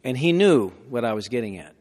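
A man in his sixties telling a folksy personal story, often clearing his throat. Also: mid-range voice, lively intonation, brisk, a little mellow. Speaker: speaker telling a conversion story. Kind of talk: anecdotal storytelling talk. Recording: long hall reverb.

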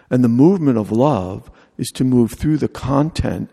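Male preacher, mellow and husky voice, chatty jokey delivery, reverberant hall. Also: medium pitch, animated, moderate pace, few pauses. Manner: humorous, conversational preaching with mock dialogue. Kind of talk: sermon.

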